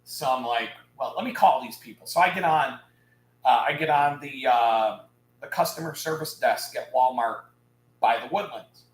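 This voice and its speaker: A man on a live stream telling a story in a casual, animated rant, swearing and laughing. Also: medium pitch, moderate pace, echoey room, low-quality recording. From Houston area, United States.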